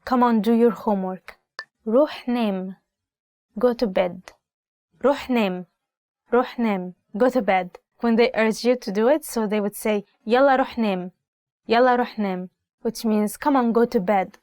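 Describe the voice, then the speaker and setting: A woman's voice: on the high side, fast, a little mellow, dry recording, studio quality. A young woman with an Egyptian accent teaching language phrases, saying each one and repeating it with a translation, chatty and full of "like". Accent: Egyptian Arabic. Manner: chatty, peppered with "like", acts out scolding parent lines.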